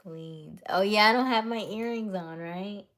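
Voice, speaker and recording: A woman's voice: medium pitch, a little slow, a bit bright. A woman hosting a casual livestream, chatting with viewers and answering their comments, often laughing. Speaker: livestream host. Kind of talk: casual live chat with viewers.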